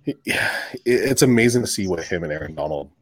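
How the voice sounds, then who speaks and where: Deep-voiced man in casual sports chat. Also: lively intonation, fairly quick, darkish tone, no echo. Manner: rambling, restarts, swears casually. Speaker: podcast co-host.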